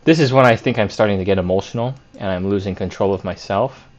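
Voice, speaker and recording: A man with a fairly low voice walks through his trades, openly picking apart his own mistakes. He thinks out loud, with fillers and restarts as he goes. The recording sounds dull and lo-fi. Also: fast. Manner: self-critical, candid, thinks aloud with fillers. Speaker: day trader reviewing his week. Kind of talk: screen-share trade review.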